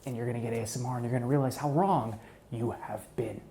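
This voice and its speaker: Guy doing a creepy chill hitman, whispered role-play, mellow low-key whisper, kinda taunting. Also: fast, slight background noise, close to an everyday voice. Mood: menacing calm. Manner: soft close whisper, taunting and conversational. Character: smug menacing male hitman, calm and mocking. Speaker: ASMR role-play performer.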